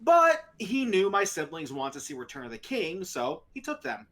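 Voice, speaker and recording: A talk show host telling a story in a casual, animated way and laughing often. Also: medium pitch, moderate pace, creaky.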